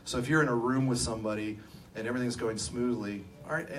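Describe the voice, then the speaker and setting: A middle-aged man from Sacramento, California, co-owner of an engineering firm, gives a conference talk in an event room, telling personal stories with self-deprecating humor. He talks fast in a mid-range voice, picked up by a distant mic with faint room ambience and slight background noise.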